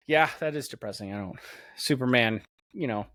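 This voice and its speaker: A man co-hosting a podcast, chatting casually in a loose, profane, animated way. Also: medium pitch, normal speed, dry recording. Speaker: podcast co-host. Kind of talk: casual banter.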